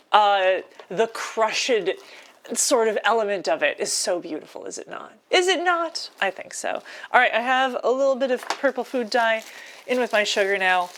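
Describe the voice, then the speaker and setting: A woman live streamer chatting casually with her viewers while cooking, excitable and giggly, often laughing mid-sentence. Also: mid-range voice. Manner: chatty, addresses viewers as y'all and chat.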